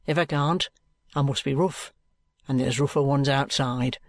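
A man playing a shrewd police detective, speaking in a cool, deliberate, coaxing way. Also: mid-range voice, steady tone, dry recording, studio quality, lightly acted. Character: shrewd, calm male police detective, firm and patronising.

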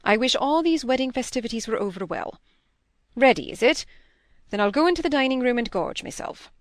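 Woman voicing a tired male country doctor, brisk, gruff but fond, dry close sound. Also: on the high side, expressive, no echo, pitched above the performer's own voice, close to an everyday voice.

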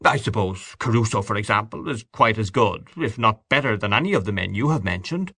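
A man's voice: on the low side, expressive, a little fast, a bit bright, no room sound. A polished young singer, as a male reader puts him on, answers politely and a little offhand. His phrasing moves freely up and down. The sound is close and dry. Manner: polite, careless. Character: young tenor, polite and self-assured.

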